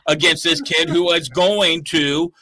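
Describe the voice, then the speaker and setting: A man's voice: fairly high pitch, fairly even intonation, unhurried, sharp tone, no room sound. Joking man telling a story. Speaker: radio DJ guest. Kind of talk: casual chat.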